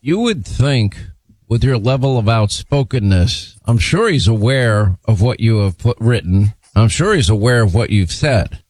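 A man's voice: lowish voice, animated, a little slow, no room sound. Indignant male talk radio host. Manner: forceful, indignant delivery. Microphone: studio mic.

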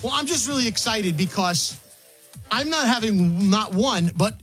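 A man's voice: high voice, expressive, a little slow, a bit bright, slightly rough, faint music behind. A man chatting earnestly on a radio show, often stumbling over repeated words. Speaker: show regular. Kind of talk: casual radio chat.

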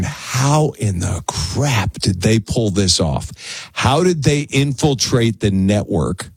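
Husky and mid-range, a male radio host's voice comes through a studio broadcast mic with no echo. His talk is a casual, conversational monologue in which excitement makes him stammer and repeat words.

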